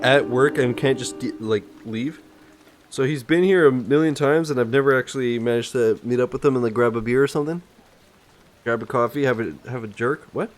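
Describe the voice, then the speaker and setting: Male streamer, casual, jokey, profane, reads narration aloud. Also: medium pitch. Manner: joking, rambling, profane asides. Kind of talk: casual game-stream commentary and reading.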